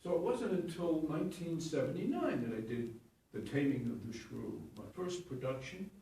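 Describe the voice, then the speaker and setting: A man's voice: on the high side, expressive, normal speed, warm tone. A man in his seventies, a stage actor and acting teacher, telling rambling anecdotes in an interview, chuckling and correcting himself as he goes. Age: 70s. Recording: echoey room, distant mic.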